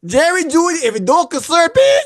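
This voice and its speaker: A man with a strikingly high voice hosts a podcast, trading casual banter and telling stories animatedly. He laughs a lot and stacks repeated words. The sound is dry and close. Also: wildly swooping pitch, a little fast, a bit bright, no echo. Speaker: podcast host.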